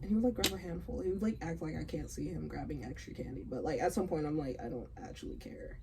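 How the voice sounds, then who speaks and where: A woman's voice: deep voice, expressive, fast talker, background noise. A young woman co-hosting a casual chat, telling school stories in a blunt, profane way and laughing often. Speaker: podcast co-host.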